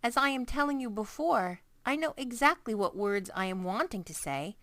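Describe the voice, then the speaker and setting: A woman doing a booming old friendly giant. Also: expressive, fairly bright tone, no echo. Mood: wistful. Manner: booming, drawn-out, jumbled grammar. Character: big friendly old male giant, kindly, muddled speech.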